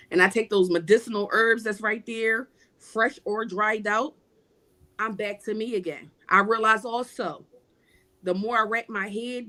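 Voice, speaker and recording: This guest on a livestream panel talks casually about spiritual matters, her voice medium in pitch and a little bright. She preaches emphatically, falling into a repetitive cadence.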